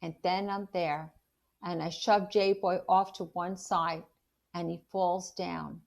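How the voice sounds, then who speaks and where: A woman, a teacher, reading a children's novel aloud in an animated storytelling way and stopping to ask the listener questions about the story. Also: on the low side, slow, creaky.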